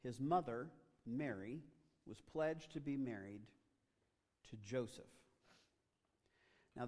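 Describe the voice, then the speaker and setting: A male pastor delivers a sermon with a mid-range voice, building to loud, emphatic stretches. The sound carries the long reverb of a large church auditorium, and he talks straight to his congregation. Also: medium pitch, slow pace. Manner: dramatic, rising to loud emphatic passages.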